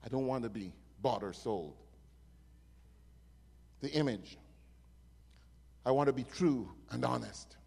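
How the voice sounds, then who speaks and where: A man preaching a sermon, telling stories dramatically and swinging from hushed lines to loud ones. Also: mid-range voice, slow pace, creaky, long pauses, husky. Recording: long reverb of a hall.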